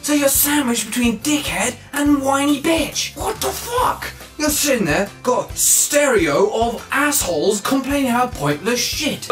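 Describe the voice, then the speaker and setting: A young adult, ranting casually in a vlog with lots of swearing and sudden jumps toward shouting. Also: high voice, unhurried, hardly any pauses, faint music behind. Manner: animated, sweary ranting with big swings up to near-shouting. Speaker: vlogger.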